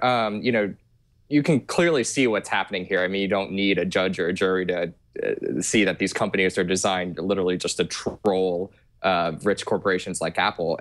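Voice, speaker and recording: A man talks as a guest on a tech panel, his voice low and deep. He works his way through the point haltingly, with frequent pauses and fillers along the way. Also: fairly bright tone. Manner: hesitant, many fillers and restarts. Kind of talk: casual opinion on a talk panel.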